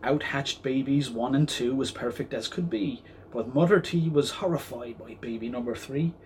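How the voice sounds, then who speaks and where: Man, storyteller, children's picture book, rhythmic rhyming read-aloud, mid pitch. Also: normal speed, a little mellow, a little hiss or hum.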